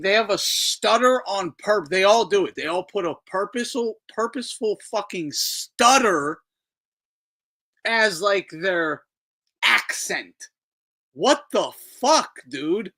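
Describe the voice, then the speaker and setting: A man hosts a casual boxing livestream from a home setup, rambling and cursing as he reacts to footage. His voice sits a touch high and swoops widely when he gets worked up, and he keeps going in loose, run-on bursts. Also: expressive, moderate pace, pushed and bright. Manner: profane, rambling, incredulous. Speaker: boxing talk show host. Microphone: streaming microphone.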